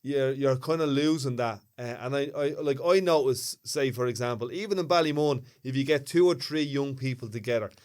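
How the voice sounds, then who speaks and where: A man with a Dublin accent talks in a relaxed podcast conversation. He tells stories in a lively way and likes to act out the voices of the people in them. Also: medium pitch, brisk, few pauses, clean tone. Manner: lively storyteller, acts out quoted voices. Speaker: podcast co-host. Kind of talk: casual chat.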